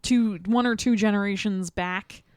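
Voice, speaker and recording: A woman's voice: mid-range voice, fairly even intonation, a little slow, clear, resonant tone, no room sound, clean studio sound. A woman co-hosting a podcast, chatting about an old film in a thoughtful way and often offering short agreement. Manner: thoughtful, backchannels often, laughs easily. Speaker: podcast co-host. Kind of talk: casual film discussion.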